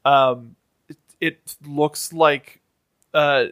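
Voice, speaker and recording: A man's voice: on the high side, steady tone, very slow, fairly bright tone, clean tone, dry recording, clean studio sound. A man co-hosting a casual podcast chat, rambling with many fillers. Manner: rambling with fillers, mimics voices. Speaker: podcast co-host.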